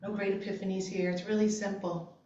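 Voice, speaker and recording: A woman giving an animated, conversational inspirational talk to a congregation, laughing often. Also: mid-range voice, brisk. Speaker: guest speaker at a church service. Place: church sanctuary. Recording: very echoey, distant, dull church recording.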